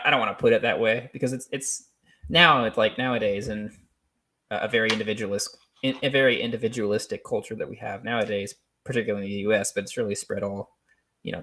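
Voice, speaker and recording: Man, lowish voice, solo commentary, halting and rambling, frequent ums. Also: fairly even intonation, bright, forceful tone. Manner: rambling, hesitant, many ums and restarts, laughs often. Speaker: podcast host.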